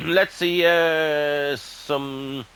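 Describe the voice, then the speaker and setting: An Irish man giving casual, excitable gameplay commentary and chatting to his viewers as "lads". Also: on the high side, very slow, clear, resonant tone, low-quality recording. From Ireland. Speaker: gaming YouTuber.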